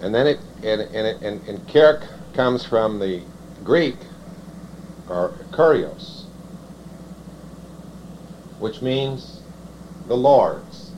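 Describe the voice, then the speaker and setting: A man preaching a sermon, reading scripture slowly and then explaining it in halting, self-correcting phrases. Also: fairly low pitch, animated, darkish tone. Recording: dull lo-fi sound with faint noise.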